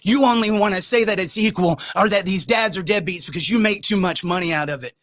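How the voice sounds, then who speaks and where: A man hosting a podcast, delivering an impassioned, fiery rant with shouted, repeated lines. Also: high voice, fairly quick, no room sound. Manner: fiery, shouting, preacher-like repetition. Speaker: podcast host.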